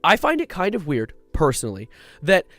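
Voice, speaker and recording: A young man in his twenties talks on a live stream in a loose, rambling way, hopping from chat replies back to his point. His voice sits a little high and swings up and down a lot. It sounds dry and close. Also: normal speed, no echo, faint music behind. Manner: rambling, animated, jumps between chat and topic.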